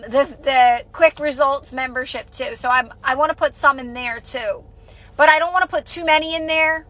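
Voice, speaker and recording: A woman with a high, bright voice talks casually on a live stream. She repeats her points and reassures her viewers. She answers their comments as she goes. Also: poor audio. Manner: casual, repetitive, reassuring advice. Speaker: manifestation coach.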